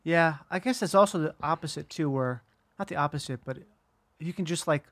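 A woman's voice: low voice, fairly quick, no echo. A woman co-hosting a podcast in casual chat, loose, jokey and profane.

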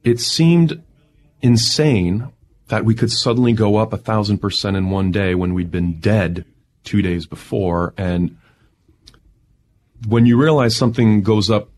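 A man with a fairly low voice recounting a wild day in a lively interview, talking with building excitement and breaking into laughter along the way. His tone stays energetic and storytelling. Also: a little slow. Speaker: tech entrepreneur guest.

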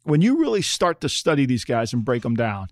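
A middle-aged former NFL front-office man co-hosts a football podcast in casual sports talk, speaking emphatically, repeating himself, and often checking in with "okay?". His medium-pitched voice is very animated and fairly quick, captured in a dry, studio-quality recording.

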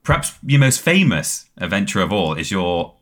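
A male podcast host with a very deep voice, asking a guest friendly, rambling questions. He drifts through his phrasing with ums along the way, in a relaxed, chatty interview. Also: moderate pace. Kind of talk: casual comedic interview.

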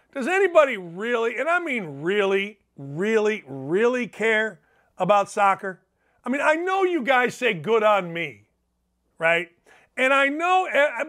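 High, bright-voiced ranting man. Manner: ranting, profane and sarcastic. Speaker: sports talk show host. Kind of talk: opinionated podcast monologue.

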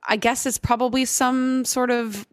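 A woman co-hosting a podcast, chatting in a relaxed way with lots of fillers. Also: a little high, measured pace, smooth, no room sound, clean studio sound. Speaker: podcast co-host. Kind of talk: casual chat.

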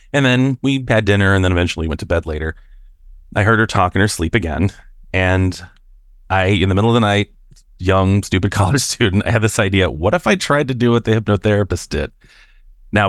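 A man from Washington State with a low voice, calling in to tell a story in a loose, chatty way and stumbling over his words as he goes. His voice sounds close and dry. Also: no room sound. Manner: chatty, many fillers and restarts. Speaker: caller. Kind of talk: casual storytelling.

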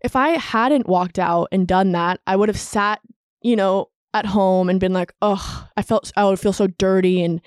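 A woman's voice: mid-range voice, a little mellow, smooth, dry recording. Chatty young woman podcaster, dry mic. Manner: chatty, confessional, lots of "like" fillers. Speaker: podcast host. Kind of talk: solo podcast talk.

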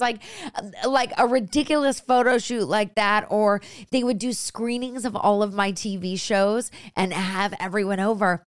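A woman's voice: medium pitch, clear, resonant tone, no echo, studio quality. A young adult woman hosting an emotional interview, chatty and effusive, tearful at times. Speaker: host.

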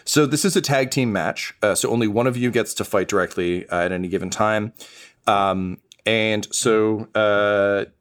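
Brief: male game master, lowish voice, halting, crude, lots of ums. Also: smooth. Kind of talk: narrating a tabletop game.

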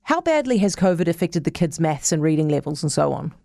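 A woman with a New Zealand accent hosting a live news show, talking in a brisk, chatty and direct way. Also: low-pitched, big pitch swings, vocal fry, warm tone, no room sound, studio quality. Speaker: radio news host.

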